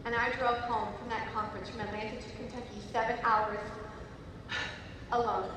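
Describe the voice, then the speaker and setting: Emphatic woman conference speaker, high pitch, heard distantly in a reverberant hall. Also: flat delivery, moderate pace, noisy background. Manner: emphatic, swings from shouting to soft. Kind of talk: motivational speech. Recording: echoey hall, voice from far off.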